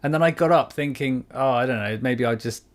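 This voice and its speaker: A UK man with a medium-pitched voice co-hosts a podcast, speaking fairly quickly in a casual chat and acting out quoted voices as he tells a story. He's recorded on a studio microphone.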